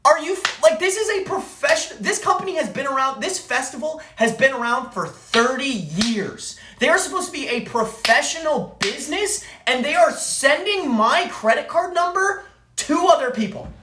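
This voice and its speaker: A woman's voice: high-pitched, animated, normal speed, roomy sound, background noise. A woman streamer telling a story in an angry, profane rant, repeating phrases for emphasis. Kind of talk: ranting live-stream story.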